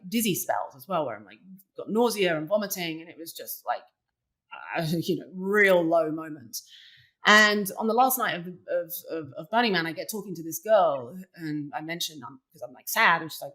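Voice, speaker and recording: Young woman, lowish voice, casual storyteller, filler-heavy conversational guest. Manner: chatty, many "like" fillers, animated retelling. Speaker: interview guest, poker player.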